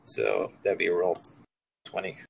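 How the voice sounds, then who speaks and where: A man playing a tabletop game, thinking aloud in a relaxed, casual way. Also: deep voice, unhurried, creaky, slight background noise, poor audio. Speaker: player.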